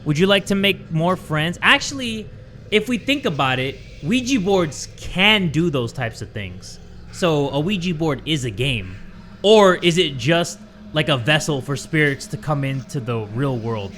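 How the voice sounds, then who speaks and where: A man's voice: a little high, expressive, a little slow, fairly bright tone, a little hiss or hum. A young man chatting casually and candidly while playing a horror quiz game, joking as he answers. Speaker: gaming YouTuber. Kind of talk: casual let's-play commentary.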